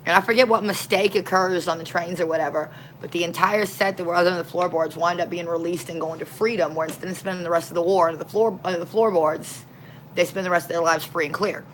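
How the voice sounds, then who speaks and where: A woman street minister in casual, slangy storytelling, folksy and animated. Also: lowish voice, fast talker, slight background noise, rough recording.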